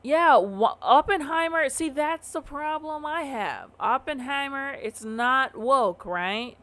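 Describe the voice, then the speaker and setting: A woman's voice: sits high, expressive, slow pace, a bit bright. A tired woman with a Southern US accent hosting opinionated casual commentary, swearing and firing off rhetorical questions. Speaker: host.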